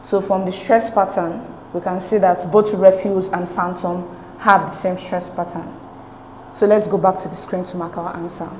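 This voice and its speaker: A woman's voice: fairly low pitch, fairly even intonation, normal speed. Patient woman tutor in an echoey room. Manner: patient, step-by-step, checks with "okay?". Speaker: English exam tutor. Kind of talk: explaining exam answers. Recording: echoey room with faint noise.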